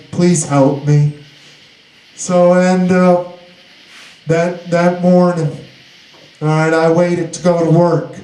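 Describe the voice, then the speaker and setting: A young man tells his own story slowly and haltingly, restarting sentences as he goes. His voice is fairly high yet mellow. The recording sits in a noticeably echoey room. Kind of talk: personal recovery story.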